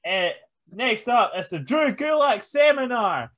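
A man co-hosting a podcast, recapping matches in a casual, unhurried way with lots of fillers. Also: very high-pitched, big pitch swings, fairly bright tone. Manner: unhurried, hesitant with many fillers. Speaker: podcast co-host. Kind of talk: casual chat recapping wrestling.

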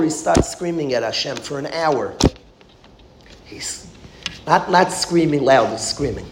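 A man's voice: a little high, expressive, unhurried, long pauses. A man, a rabbi teaching a class, tells a story as a sermon with emphatic, repetitive phrasing that builds to passionate exclamations. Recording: echoey room with background noise.

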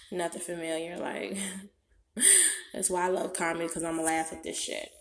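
A woman's voice: lowish voice, unhurried. Profane woman comic ranting in an echoey room. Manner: loud and profane, breaking into laughter. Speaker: comedian. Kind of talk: profane comic rant to an online audience. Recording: roomy echo, distant mic, faint music behind.

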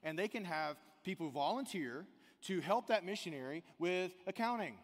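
A man from the American South preaching a sermon in a church, animated, swinging between loud emphasis and quiet intensity. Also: sits high, moderate pace. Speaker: pastor. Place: church sanctuary. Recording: long hall reverb.

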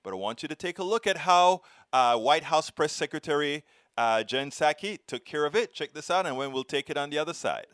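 A man's voice: a little high, lively intonation, brisk, fairly bright tone, clean tone, no echo. Emphatic male political commentator, dry sound. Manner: emphatic, indignant.

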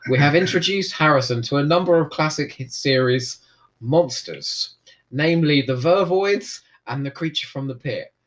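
Lively, laughing man hosting a podcast. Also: on the high side. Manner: playful, quick to laugh, teasing. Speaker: podcast host. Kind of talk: casual commentary chat.

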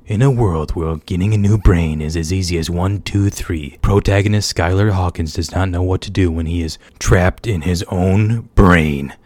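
A man putting on a dramatic male movie-trailer announcer voice, slow and drawn out, recorded dry and close. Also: deep voice, darkish tone, no echo.

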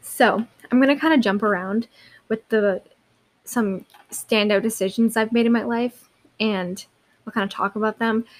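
A woman's voice: a little high, moderate pace. A young woman hosting her own podcast, talking casually and rambling, with many likes and restarts. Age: young adult. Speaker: podcast host. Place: seated in a chair.

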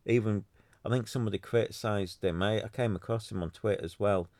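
Gravelly man ranting sarcastically. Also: fairly low pitch, brisk, a little mellow, no echo. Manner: exasperated, sarcastic, mocks others in put-on voices; rambling with many restarts. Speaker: podcaster running a free website. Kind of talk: solo podcast rant.

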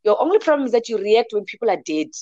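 A woman's voice: fairly high pitch, sing-song, quick pace, dark tone, no echo, lo-fi sound. A woman talking passionately and emphatically in a casual discussion, speaking as an advocate for emotional health. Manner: passionate and emphatic, mixes in local words.

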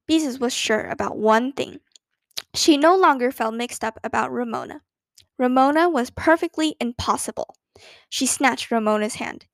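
A woman reading a children's book aloud in a gentle, expressive way. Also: fairly high pitch, moderate pace, dry recording. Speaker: storyteller.

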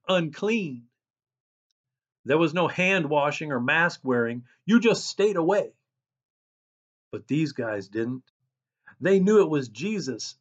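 A man preaching a sermon as a pastor, reading scripture and describing himself as a loud person. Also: on the high side, muffled recording.

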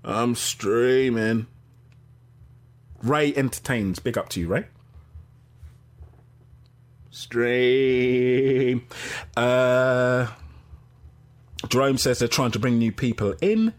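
A middle-aged man hosting a casual live-stream podcast, reading out chat and giving shout-outs. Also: medium pitch, slow pace, pauses often. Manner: chatty, gives shout-outs, laughs easily.

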